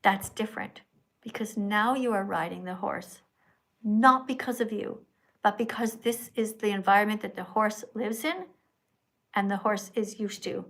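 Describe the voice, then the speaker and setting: A woman's voice: medium pitch, fairly even intonation, normal speed, fairly bright tone. A woman hosting a livestream, preaching and scolding her viewers in a mocking, heated way. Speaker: livestream host. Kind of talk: ranting livestream chat.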